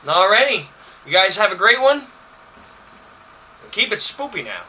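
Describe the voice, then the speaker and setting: A man reading a children's horror book aloud on a live stream, in a lively, playful way. His voice is high and very bright. He sits back from the mic, with faint background noise. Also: normal speed, far from the mic, rough recording.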